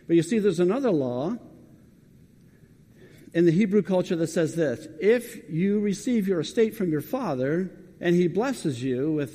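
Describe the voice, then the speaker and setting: A man's voice: on the high side, mellow, big-room sound. A man preaching a sermon, talking conversationally and putting questions straight to the congregation.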